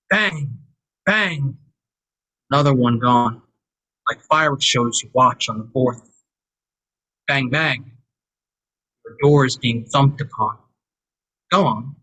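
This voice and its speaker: A man's voice: mid-range voice, bright, forceful tone, poor audio. A man performing a dramatic spoken-word poem with punchy, repeated lines at an online open mic. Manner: punchy, repetitive, dramatic delivery. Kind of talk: slow, rhythmic performance poetry. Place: home, on a video call. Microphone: video call.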